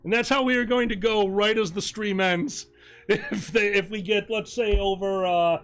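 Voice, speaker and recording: Guy with a really high voice telling funny con stories, animated. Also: moderate pace. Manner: animated storyteller, laughs through his story. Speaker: streamer telling convention stories. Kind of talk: casual chat on a charity stream.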